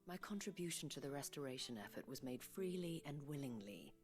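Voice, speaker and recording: An actress voicing an elegant, languid noblewoman who teases gently and speaks with grace in a video game. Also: a bass voice, animated, faint music behind. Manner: slow, teasing and gracious. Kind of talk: game voice acting.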